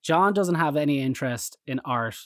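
A man's voice: on the high side, moderate pace, dry recording. List: man, Irish accent, casual rambling storytelling, dry close mic. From Ireland. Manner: rambling anecdotal storyteller, animated quoted voices. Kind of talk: casual chat.

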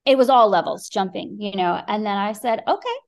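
A middle-aged woman guest on a podcast, telling a story in a lively way, acting out quotes and swearing freely. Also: mid-range voice, a little fast. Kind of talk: animated storytelling.

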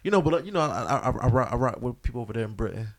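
Excitable chatty man with gravelly voice. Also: mid-range voice, very fast. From North Carolina. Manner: excitable, loose slang, lots of "you know". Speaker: podcast co-host. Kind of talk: casual chat.

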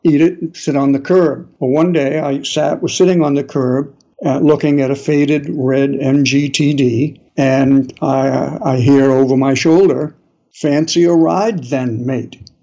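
Dull lo-fi audio captures an older author with a New England accent, telling long stories as an interview guest and rambling with many uhs and restarts. He speaks at a measured pace, his mid-range voice gravelly and dark with fairly even intonation.

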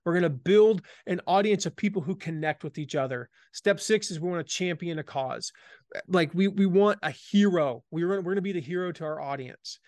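A man from the American South speaking as an author and guest in a conversational interview, energetic and emphatic, repeating his key phrases. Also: high voice, no echo, studio quality. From Southern United States.

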